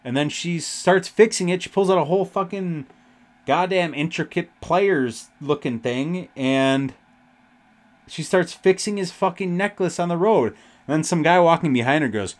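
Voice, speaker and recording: A young man hosting a podcast, rambling through a festival story with constant swearing and animated retelling. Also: a little high, normal speed. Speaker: podcast host. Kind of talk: casual storytelling.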